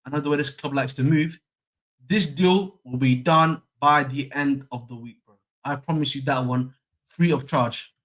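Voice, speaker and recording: The football fan stream host, a young man, talks at normal speed in a mid-range, slightly bright voice. His live-stream chat is casual, slangy and repetitive.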